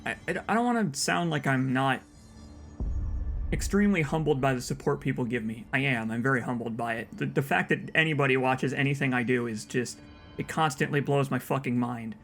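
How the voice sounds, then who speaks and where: A young man talks his way through casual let's play commentary in a mid-pitched voice, often restarting with repeated words. Faint game music plays softly behind him. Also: a little fast, creaky. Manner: rambling, self-interrupting with repeated words.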